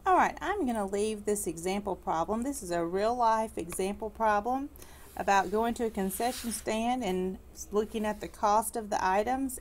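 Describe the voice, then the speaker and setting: Woman math teacher, recorded lesson; patient, deliberate, stresses key terms, mildly jokey. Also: mid-range voice. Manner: patient, explanatory, slows down to stress key words; light corny humor for students.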